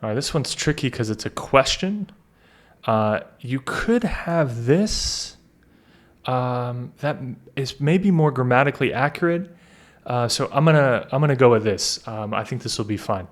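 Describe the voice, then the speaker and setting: A man tutoring through a practice test, thinking aloud, reading sentences deliberately and correcting himself as he goes. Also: medium pitch, animated. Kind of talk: casual walkthrough of a practice test.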